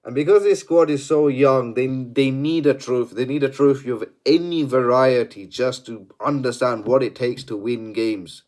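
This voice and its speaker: A man's voice: medium pitch, moderate pace, hardly any pauses, a little mellow. A man ranting through a post-match analysis as a fan channel host, exasperated, swearing and repeating himself.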